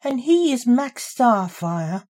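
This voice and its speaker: A woman's voice: a little high, big pitch swings, slow pace, warm tone, voice pushed up, heavily acted. A woman voicing a snarky male vampire stage assistant in a storybook reading, huffy and sarcastic.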